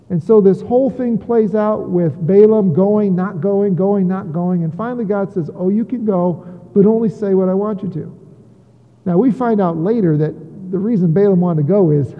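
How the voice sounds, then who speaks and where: Pastor guy with a high voice, chatty sermon, cracks jokes, sounds tinny with a long echo. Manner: conversational with joking asides. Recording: tinny phone-like audio with long hall reverb.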